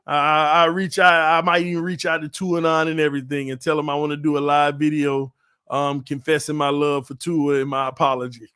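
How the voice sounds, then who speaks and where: A man hosting a casual live stream, talking loud and playful with lots of trash talk. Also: on the high side, no room sound, studio quality. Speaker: YouTube channel host. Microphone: desk mic, no headphones.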